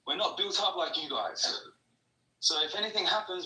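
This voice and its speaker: A man's voice: sits high, moderate pace, over loud music. An Australian man calling in, ranting aggressively and profanely in a rambling way. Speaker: caller. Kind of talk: heated call-in rant. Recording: echoey and distant.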